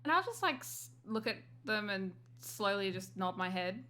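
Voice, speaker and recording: A woman's voice: mid-range voice, big pitch swings, sharp tone. A woman player in a tabletop game, speaking politely and tentatively. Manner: polite, tentative, quick laughs.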